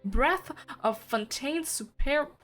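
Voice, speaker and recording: A woman's voice: sits high, takes it slowly, a bit bright, soft background music. A woman reading the part of a pompous, elegant male noble, in a flowery, formal and condescending way.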